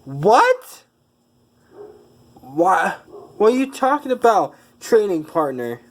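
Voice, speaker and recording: A man plays a loudmouthed teenage boy fighter in a fan-told story. He shouts his rude insults in a voice pitched a little high. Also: steady tone, normal speed, lightly acted. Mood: shocked.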